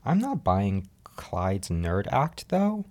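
Man, low-pitched, casual podcast chat, animated, laughing, filler-heavy. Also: slow. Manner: chatty, animated, laughs often, frequent fillers. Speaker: podcast host. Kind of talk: casual recap commentary. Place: home apartment.

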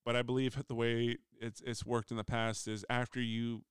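A middle-aged man talks through a story from his workplace in a loose, rambling way, often stopping to restart his sentences. His voice is very smooth and clear. The sound is dry and close, with no room around it. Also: medium pitch, little pitch movement, moderate pace, no echo. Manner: rambling, frequent restarts, acts out quoted voices. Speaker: union steward. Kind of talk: casual storytelling monologue. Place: voice message recording.

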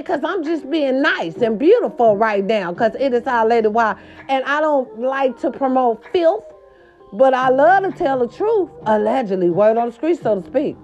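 Woman host for sassy celebrity gossip, emphatic and theatrical, mellow tone, muffled lo-fi sound. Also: a little high. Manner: sassy and emphatic, repeating catchphrases; theatrical, with swoops and growls.

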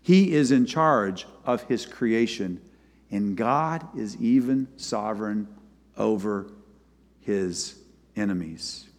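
A man preaching a sermon and retelling a scripture story, his voice swinging from loud to soft. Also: lowish voice, lively intonation, takes it slowly. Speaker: pastor. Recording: long hall reverb.

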